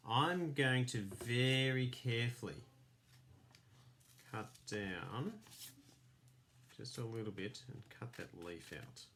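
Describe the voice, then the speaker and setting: Teacher guy walking little kids thru a craft, lively up and down voice. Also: medium pitch, slight background noise. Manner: patient, step-by-step instructions. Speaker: primary school teacher. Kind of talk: children's craft lesson.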